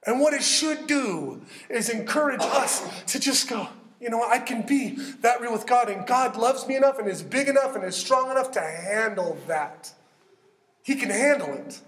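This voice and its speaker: A man preaching a sermon, animated and conversational, acting out heartfelt prayers as he teaches. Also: extremely high pitch, normal speed, roomy sound, slight background noise. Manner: animated, acts out prayers in character. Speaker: pastor.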